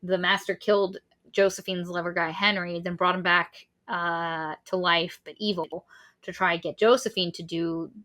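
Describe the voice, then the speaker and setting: A woman co-hosting a podcast, casually recapping a novel in an animated, sweary way and briefly voicing the characters. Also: lowish voice, normal speed. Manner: animated, sweary, acts out characters mid-summary. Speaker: podcast co-host. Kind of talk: casual book recap chat.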